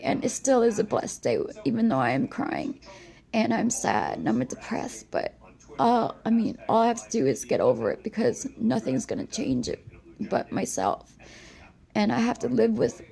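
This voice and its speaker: A woman crying as she records a halting, rambling confessional monologue on her phone. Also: medium pitch, vocal fry, warm tone, low-quality recording. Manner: halting, rambling, repeats herself. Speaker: vlogger.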